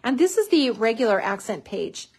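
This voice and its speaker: A chatty woman hosts a live craft tutorial with a bubbly, easygoing manner. Her voice sits a little high, and she leans on fillers as she talks. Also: big pitch swings, moderate pace, darkish tone, breathy edge.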